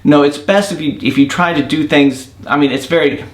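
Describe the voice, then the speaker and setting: A man's voice: fairly high pitch, a little fast. Rambling male app developer, roomy sound. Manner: thinking aloud, rambling rant. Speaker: indie app developer and show host. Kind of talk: casual daily monologue. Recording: roomy echo.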